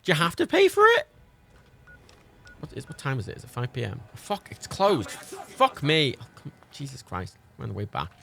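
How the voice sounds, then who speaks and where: British male streamer, exasperated and sweary, gravelly, very animated delivery. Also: on the high side, normal speed. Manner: sweary, exasperated, laughs often. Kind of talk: live game stream chat.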